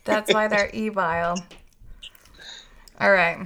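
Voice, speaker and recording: A woman's voice: mid-range voice, steady tone, slow pace, vocal fry, a loud crowd. A woman hosting a podcast in casual chat, frank and a bit crude, laughing often. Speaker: podcast host and mother.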